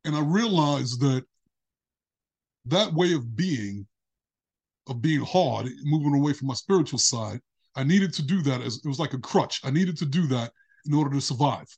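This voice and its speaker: Husky man telling a candid story. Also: normal speed. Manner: animated, acts out quoted dialogue with big pitch jumps. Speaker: podcast guest.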